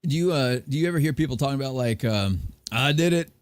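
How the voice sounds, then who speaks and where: A man's voice: mid-range voice, animated, fast talker, darkish tone, no room sound. A man hosting a casual podcast chat, rambling with lots of fillers and restarts. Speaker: podcast host.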